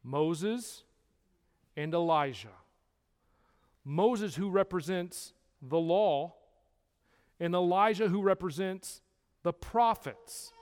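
High-voiced man teaching in a reverberant hall. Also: lively intonation, takes it slowly, long pauses, darkish tone. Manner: emphatic, with rhetorical questions to listeners. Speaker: Bible teacher. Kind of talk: Bible study teaching.

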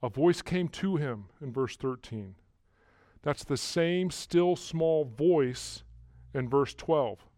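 A man with a slightly high voice preaches to his congregation, stopping to repeat words and pushing hard on the ones that matter. The sound is dry and close, with no room echo. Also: expressive, takes it slowly. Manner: repeats words and rises loudly on key words. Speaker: pastor. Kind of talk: sermon.

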